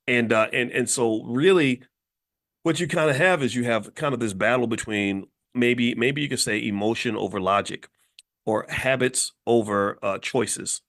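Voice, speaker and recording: A man's voice: medium pitch, normal speed, fairly bright tone. Male host from Kentucky, emphatic, stumbling restarts, mid-range voice. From Kentucky, USA. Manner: emphatic, repeats words and restarts, slips into mocking voices. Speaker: podcast host. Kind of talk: passionate social commentary.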